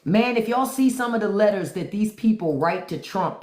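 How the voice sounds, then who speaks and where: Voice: medium pitch, animated, moderate pace, few pauses, a little mellow. Blunt, profane livestream host. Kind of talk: unscripted live-stream commentary. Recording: roomy echo.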